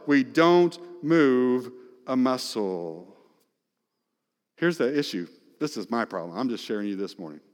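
A fairly high-pitched male pastor preaches in a big church hall, and his words trail off into a long reverb. He swings from loud, emphatic exhortation to quiet, almost whispered asides. The sound is that of a live sermon in a large sanctuary. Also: smooth.

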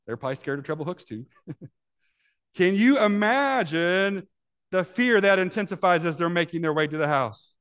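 A man preaching a sermon as pastor, acting out voices from the Bible story and swinging between hushed, intimate lines and loud, climbing passages. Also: a little high. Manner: acts out voices in Bible scenes.

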